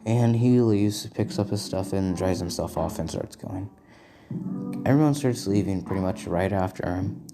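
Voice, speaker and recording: A man's voice: low-pitched, moderate pace. A man casually narrating a fan story in a rambling way, with restarts. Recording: guitar music in background.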